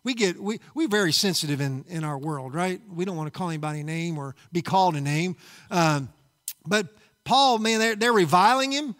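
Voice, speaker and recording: A man's voice: sits high, lively intonation, moderate pace, fairly bright tone, in a large hall. A man preaching a sermon as pastor, emphatic and often calling out to the congregation. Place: church sanctuary.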